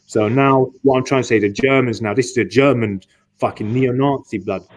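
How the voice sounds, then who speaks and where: A man's voice: mid-range voice, normal speed, low-quality recording. A man talking at length in a casual online discussion. He repeats and restarts his words often and swears for emphasis. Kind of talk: rambling casual monologue.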